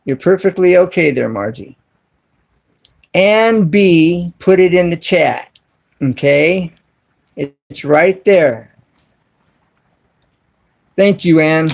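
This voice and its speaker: A man hosting a casual live stream from his cell phone, talking to viewers in the chat and spelling words out slowly and deliberately. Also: on the high side, animated, vocal fry. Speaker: YouTube channel host live streaming.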